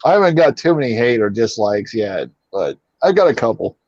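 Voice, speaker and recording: Laughing guest guy, lively up and down voice, dry kinda muffled audio. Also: mid-range voice, brisk, dry recording. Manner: laughs often, animated reactions. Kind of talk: casual chat.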